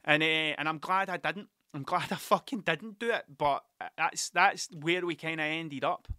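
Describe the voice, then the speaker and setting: Rambling and swearing, this podcast host laughs at his own stories in a casual monologue at normal speed. The voice is a bit high, bright and forceful, and the close, dry recording has no room sound and no echo.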